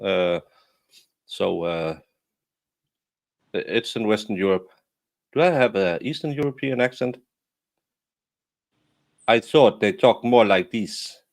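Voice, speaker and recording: Danish man, low register, host of a casual live chat on a video call; hesitant, lots of "uh" and restarts. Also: gravelly. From Denmark. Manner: halting, many fillers and restarts. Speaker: livestream host.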